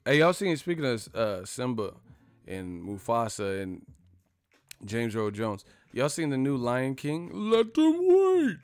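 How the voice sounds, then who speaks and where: A man's voice: mid-range voice, lively intonation, measured pace, smooth, dry recording. Profane rambling male stream host. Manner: profane, rambling, laughs often. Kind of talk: casual live-stream chat.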